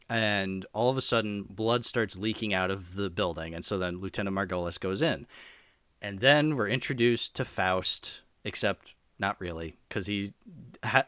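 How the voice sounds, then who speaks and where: In a relaxed podcast chat, a male co-host rambles animatedly through a film's plot, packing in plenty of fillers. His voice sits on the low side with a slightly bright, clean tone, captured at studio quality without echo.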